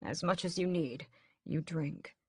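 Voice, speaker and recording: A woman's voice: sits low, unhurried, breathy edge, no echo, studio quality. Woman voicing a desperate young male vampire. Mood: firm, quiet. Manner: urgent, pleading. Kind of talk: audiobook character voice.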